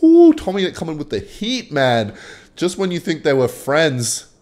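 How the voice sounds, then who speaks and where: Animated young Australian man ranting. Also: on the high side, normal speed. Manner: animated, chuckling, casual swearing. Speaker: host. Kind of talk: casual commentary on online drama.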